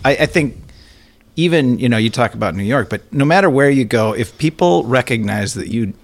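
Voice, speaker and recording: A man's voice: mid-range voice, lively intonation, fairly quick. A man who grew up between Minnesota and Wisconsin, co-hosting a casual podcast with wry, joking banter. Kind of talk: casual chat.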